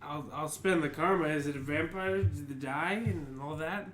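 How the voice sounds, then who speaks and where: A man with a bright, edgy voice playing in a tabletop game, prone to loud, excited shouting when in character. The sound is echoey, with a faint hiss behind it. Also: fairly high pitch, moderate pace. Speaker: player. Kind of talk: tabletop role-play banter.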